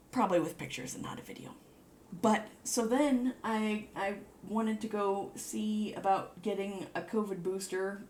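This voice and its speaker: A woman rambling through a casual show-and-tell vlog, gushing in a high voice and dropping to whispers over cute little things. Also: creaky, darkish tone, a little hiss or hum. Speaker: vlogger.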